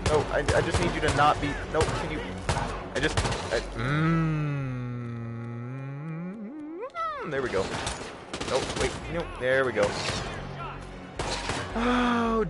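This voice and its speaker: A young man hosting a livestream, giving casual, jokey gameplay commentary with sudden excited yelps. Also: medium pitch. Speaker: livestream host.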